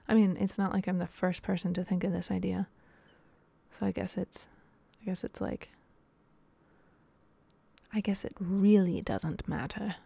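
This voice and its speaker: A woman's voice: on the low side, gravelly, warm tone, dry recording. A young woman hosting a casual solo podcast, talking in a rambling, chatty way with lots of fillers. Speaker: podcast host and dance teacher.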